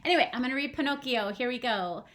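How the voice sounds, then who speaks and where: A woman's voice: sits high, fast, fairly bright tone, slight background noise. A young woman, a first grade teacher at home, reading a storybook aloud and chatting with her class. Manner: chatty, asks the kids questions.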